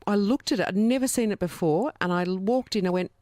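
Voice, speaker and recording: A woman hosting a radio show, chatty and animated as she tells a story. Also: mid-range voice, fairly quick, no room sound, clean studio sound. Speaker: radio host. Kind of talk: casual radio chat. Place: radio studio.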